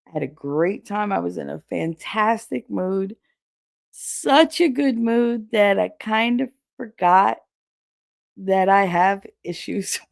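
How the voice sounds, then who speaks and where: A middle-aged woman telling a story on her livestream, animated, laughing often and swearing freely. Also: medium pitch, creaky, no room sound, studio quality. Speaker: streamer.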